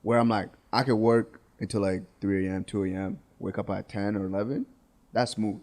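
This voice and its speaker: A man's voice: fairly low pitch, fairly even intonation, fairly quick, darkish tone. A man talking as a podcast guest, laid-back and casual, dropping "bro" often. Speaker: podcast guest, business owner. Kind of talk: casual chat.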